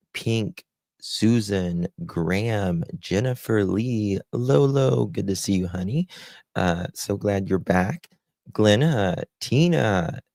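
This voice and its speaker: A man with a very low, gravelly voice hosts a live stream, taking his time over every word. He greets his viewers one by one with heartfelt endearments. The sound is dry and close, with no room around it. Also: a little mellow, dry recording. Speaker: livestream host.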